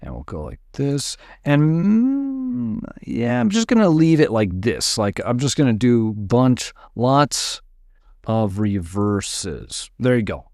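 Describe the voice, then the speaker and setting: A man teaching music production in a relaxed, upbeat way, walking through a dance track and sometimes mimicking its sounds with his voice. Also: medium pitch, slow pace, dry recording, studio quality. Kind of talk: screen-recorded music production tutorial. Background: dance track playing faintly.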